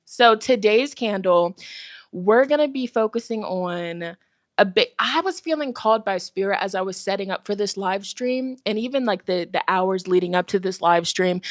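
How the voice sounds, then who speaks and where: A woman's voice: medium pitch, expressive, normal speed, no room sound, clean studio sound. A young woman hosting a tarot live stream, chatting casually and animatedly with her viewers and laughing often.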